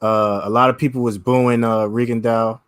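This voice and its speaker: Relaxed man calling into a livestream. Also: medium pitch, normal speed, clear, resonant tone. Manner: relaxed, laughs easily, slangy. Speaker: caller. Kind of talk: casual live-stream chat.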